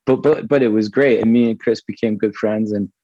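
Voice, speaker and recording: A man's voice: on the low side, steady tone, fairly quick, mellow, no room sound. A man in his fifties, a podcast guest telling stories in a laid-back, rambling way, swearing often and full of fillers. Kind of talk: casual storytelling chat. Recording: dull lo-fi dry audio.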